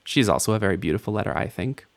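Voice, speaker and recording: A man's voice: lowish voice, lively intonation, racing. A man teaching a recorded language lesson, playful and self-mocking, laughing at his own jokes.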